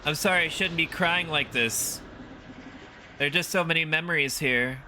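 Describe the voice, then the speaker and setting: Guy doing a shaky, sweet old granny in a horror game, way up high, bright and polite. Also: moderate pace, a little hiss or hum. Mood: gentle. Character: frail elderly widow, polite and sorrowful.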